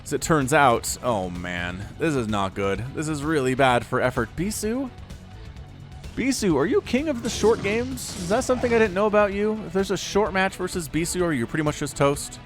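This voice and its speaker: A man casting a real-time strategy match with animated commentary and quick excited bursts. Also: on the high side, faint music behind. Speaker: StarCraft caster.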